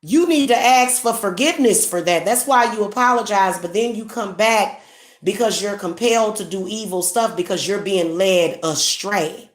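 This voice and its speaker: A woman's voice: medium pitch, moderate pace, reverberant. A woman speaking as a spiritual reader, preaching and scolding in a repetitive, indignant way with stumbling restarts. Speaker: spiritual reader and livestream host. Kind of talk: casual livestream monologue.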